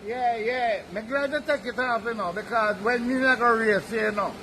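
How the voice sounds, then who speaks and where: A man's voice: very high voice, normal speed, bright, forceful tone, slight background noise, low-quality recording. A man with a Jamaican accent chatting in patois as an interviewee, peppering his talk with "you know".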